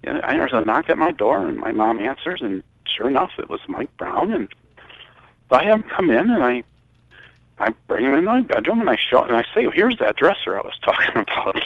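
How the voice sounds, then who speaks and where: A man's voice: mid-range voice, sing-song, dry recording. Older guy from michigan telling a long story, voice jumps all over, dull dry recording. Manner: rambling, halting storyteller with many restarts. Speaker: guest. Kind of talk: recounting a personal story.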